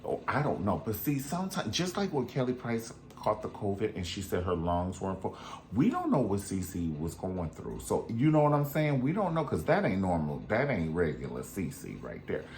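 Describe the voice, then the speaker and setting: A man hosting his own casual commentary, sassy and animated, tossing in curse words, calling people honey and mimicking voices. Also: on the low side, moderate pace, slight background noise. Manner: strong cusses and "honey" asides. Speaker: show host.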